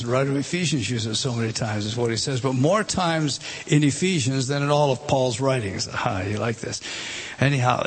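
A man's voice: mid-range voice, slightly rough. A man teaching a Bible passage word by word, starting over often and pointing at a written page. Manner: halting, many restarts, points at a page and rises when stressing a word.

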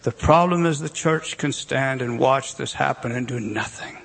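A man's voice: medium pitch, normal speed, vocal fry, fairly bright tone. A man preaching a sermon with emphatic delivery and rhetorical questions. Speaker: pastor.

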